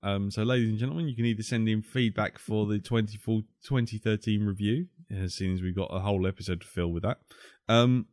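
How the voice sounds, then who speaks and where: A man's voice: on the low side, steady tone, a little fast, hardly any pauses, darkish tone, dry recording, studio quality. A man hosting a podcast, joking, swearing and teasing his co-hosts in casual banter. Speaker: podcast host.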